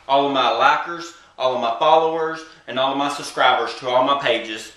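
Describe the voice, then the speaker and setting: A man doing a comedic vlog monologue to camera, boastful and brash, with drawn-out pauses. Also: medium pitch, steady tone, bright, forceful tone, reverberant. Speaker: comedic vlogger.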